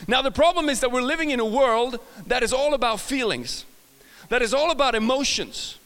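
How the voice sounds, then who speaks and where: Chatty Swedish-accented preacher, high voice. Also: male voice, lively intonation, fairly quick, fairly bright tone, long reverb tail. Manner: chatty, self-correcting, jokes with the audience. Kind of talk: casual sermon.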